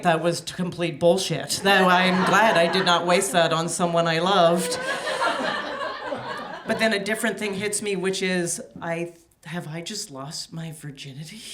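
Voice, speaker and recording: A woman telling a personal story on a small theater stage, lively and acting out her own dialogue. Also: a little hiss or hum. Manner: animated, acts out dialogue in a high excited voice. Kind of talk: live storytelling.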